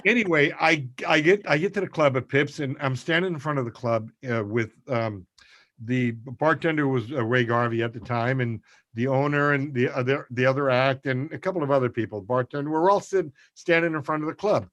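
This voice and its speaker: An older man, a comedian telling an animated story on a video call and swearing freely. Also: mid-range voice, brisk, no room sound. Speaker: comedian guest. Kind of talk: casual storytelling.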